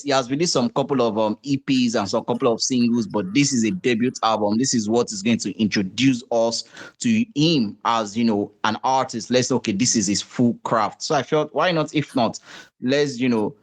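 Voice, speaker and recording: A man with a Nigerian accent hosting a music podcast in casual chat, relaxed and full of fillers, slipping into pidgin. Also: mid-range voice, moderate pace. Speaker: podcast host.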